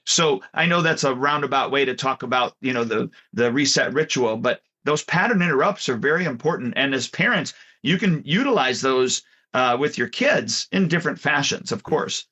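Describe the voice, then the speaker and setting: A man's voice: medium pitch, expressive, normal speed, few pauses, bright, forceful tone, breathy edge. A man co-hosting a casual talk about kids and habits, telling stories and often correcting himself. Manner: rambling storyteller, self-correcting. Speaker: podcast co-host, martial arts instructor. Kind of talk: casual chat.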